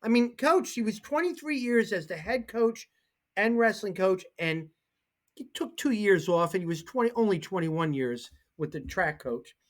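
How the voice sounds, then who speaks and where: This co-host of a casual sports talk show has a high voice and keeps a moderate pace. He's an animated storyteller who performs the voices of whoever he's quoting.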